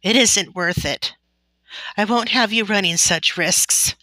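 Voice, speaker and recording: A woman reading aloud, doing a frightened pioneer mother's voice, pitched up and loud with alarm. She scolds in a bright, tense tone that cracks toward tears. The sound is close and dry. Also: slow pace, dry recording, rough recording. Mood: sobbing. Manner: scolds shrilly, then breaks down sobbing.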